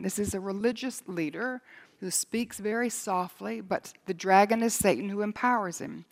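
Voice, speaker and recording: A woman's voice: medium pitch, moderate pace, gravelly. An earnest woman Bible teacher delivers a recorded teaching in a mid-range voice. Her delivery is urgent, growing more intense as she presses her warnings home.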